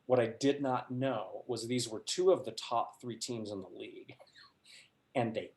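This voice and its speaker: A man's voice: medium pitch, a little slow. Middle-aged man telling a story, roomy echo. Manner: animated anecdote with frequent laughs. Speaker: workshop presenter. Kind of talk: storytelling talk to a group.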